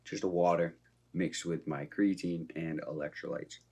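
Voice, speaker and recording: A man's voice: low-pitched, steady tone, normal speed, warm tone, a little hiss or hum. A man vlogging in a casual, upbeat way, talking straight to his viewers. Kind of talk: casual vlog chat.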